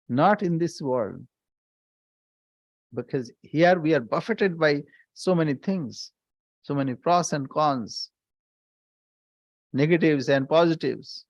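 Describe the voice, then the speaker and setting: A male swami leads a scripture class at an unhurried, measured pace, often repeating a line to drive it home. He breaks into chanted verses between his explanations. The recording is dry and close, with almost no room sound. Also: fairly high pitch, a little mellow, dry recording, dull audio. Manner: deliberate, repeats phrases for emphasis, chants verses.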